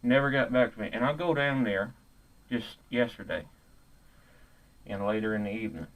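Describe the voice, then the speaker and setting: A man's voice: lowish voice, normal speed, fairly bright tone, lightly acted, low-quality recording. A man playing a hot-headed, ignorant ranting man in a comedic character monologue, profane and rambling, stumbling over his own words. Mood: angry rant.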